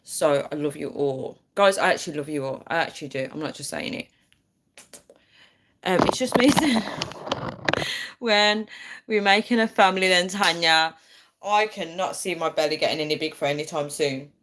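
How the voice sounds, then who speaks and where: A woman's voice: low voice, moderate pace, pauses often, a bit bright. A young woman chatting casually to viewers on a phone livestream, laughing often and thanking them.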